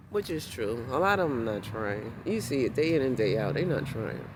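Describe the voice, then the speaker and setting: A woman's voice: rumbling low, sing-song, normal speed, hardly any pauses. An emphatic woman talks in a casual, heartfelt monologue, repeating phrases as she makes her point. Her intonation swings widely and expressively. Faint outdoor city noise can be heard behind her. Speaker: vlogger.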